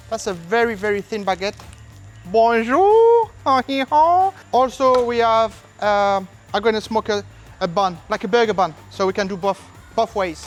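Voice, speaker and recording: A playful barbecue host talks through a cooking demonstration step by step in a relaxed, easygoing way. Silly asides and sing-song exclamations pop up between the instructions. The voice sits in a middle pitch, with faint music playing in the background. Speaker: barbecue cook and channel host. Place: outdoors at a large smoker.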